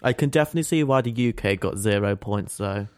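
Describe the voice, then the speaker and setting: A young man co-hosting a podcast, chatty and playful in casual talk. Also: on the low side. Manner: chatty, playful, quick to laugh. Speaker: podcast co-host. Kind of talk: casual chat.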